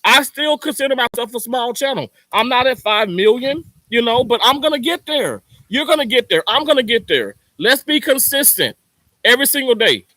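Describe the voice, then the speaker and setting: A man with a high, bright voice talks straight to his viewers, hammering the same points again and again to fire them up. The sound is dry and close. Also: lively intonation, moderate pace, dry recording. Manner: emphatic, repetitive, motivational. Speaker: channel host. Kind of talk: casual livestream talk to viewers.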